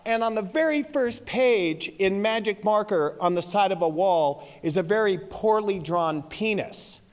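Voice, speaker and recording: Animated high-voiced man in a reverberant hall. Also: clear, resonant tone. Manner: animated, laughing at his own stories. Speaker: recovery meeting speaker. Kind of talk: comic storytelling talk. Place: large convention hall.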